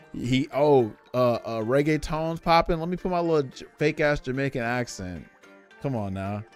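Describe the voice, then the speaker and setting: A young man streaming from home, ranting in casual slang and addressing his chat directly. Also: mid-range voice. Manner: animated, opinionated, slangy, talks to chat.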